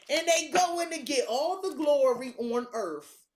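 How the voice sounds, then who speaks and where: A woman tarot reader talks in a high voice that leaps up and down, hyped up, blunt and swearing freely. The sound is echoey, as if she were in a bare room. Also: lively intonation, measured pace. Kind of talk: casual tarot reading.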